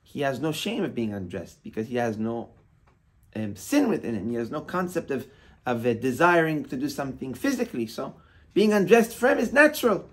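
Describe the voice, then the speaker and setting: A rabbi delivers a sermon in a husky, breathy voice, his pitch swinging widely as he builds emphasis. He preaches with passion, pressing his points hard and folding Hebrew terms into the flow. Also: sing-song, a little fast.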